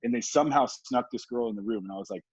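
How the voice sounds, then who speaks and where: A man from Southern California, a former football player, telling a story as a podcast guest in a relaxed, laughing way, with lots of "like" and casual swearing. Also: medium pitch, fast, very noisy. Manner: laid-back, laughing, swearing, many fillers like "like". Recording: dull, dry podcast recording.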